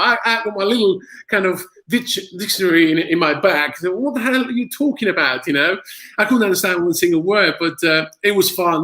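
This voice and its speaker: A man's voice: high voice, rough recording. A man who is a former footballer, speaking English as a second language in a casual interview, telling stories with laughs and lots of fillers. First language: not English. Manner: animated storyteller, laughs often, many fillers.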